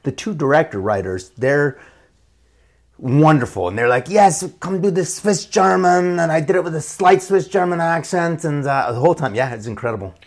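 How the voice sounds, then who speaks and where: A man speaking as a guest in a relaxed interview, his voice noticeably husky. He talks at a quick clip and slips into other people's voices as he tells stories. He sits at a middling pitch for a man. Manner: fast, animated storytelling with quoted voices. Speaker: actor guest. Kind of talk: casual interview chat.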